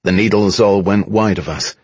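A man narrating an action story in the first person as an audiobook, dramatic and expressive. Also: deep voice, normal speed, breathy edge, no echo.

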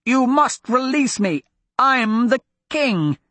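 A man voicing a shrill, furious young prince. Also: expressive, slow pace, no echo, full character voice. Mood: outraged. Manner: shrill, indignant shouting. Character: young arrogant male prince, bound and furious.

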